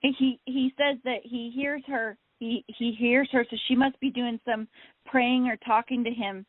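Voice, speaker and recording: A woman working as a psychic medium on a call-in radio show, relaying messages in a gentle, reassuring way and often repeating her phrases. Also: a little high, steady tone, a little slow, dry recording. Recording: tinny phone-line sound, dry.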